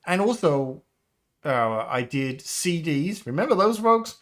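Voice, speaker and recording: Lively, chatty man in his fifties. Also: on the high side, takes it slowly. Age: 50s. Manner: rambling, nostalgic, laughs often. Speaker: game developer livestreamer. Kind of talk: casual live-stream chat.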